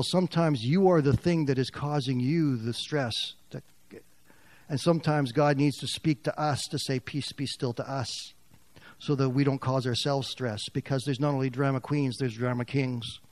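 A man preaching a sermon as pastor, swinging from loud, raised passages to quiet, near-whispered lines. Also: mid-range voice, steady tone, normal speed.

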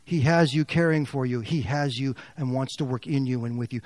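A man preaching a sermon as pastor, swinging from loud, raised passages to quiet, near-whispered lines. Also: mid-range voice, fairly quick, hardly any pauses.

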